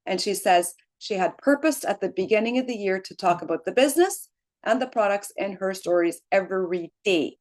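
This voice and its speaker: A middle-aged woman speaks to her team in an easygoing, encouraging way. She talks conversationally, checks in with a quick "right?" and laughs often. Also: medium pitch, animated, a little mellow. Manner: encouraging, frequent "right?" tags, laughs easily. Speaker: team leader. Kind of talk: motivational team call.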